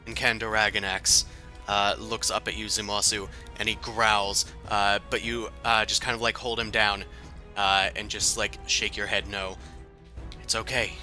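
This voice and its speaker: A man's voice: fairly low pitch, normal speed, faint music behind. A man running a tabletop game as game master, narrating with lots of fillers. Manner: relaxed narration with frequent fillers.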